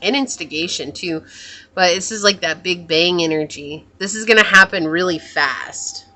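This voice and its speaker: A woman giving a pick-a-card tarot reading in a musing, soft-spoken way, often trailing off and correcting herself. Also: fairly low pitch, moderate pace. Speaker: tarot reader.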